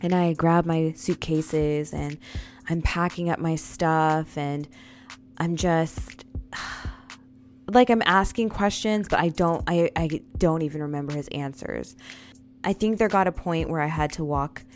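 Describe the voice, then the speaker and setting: A woman's voice: low voice, a little slow, faint music behind. A woman in her thirties telling viewers a personal story in a casual, confessional way, often calling out to them and repeating lines for emphasis.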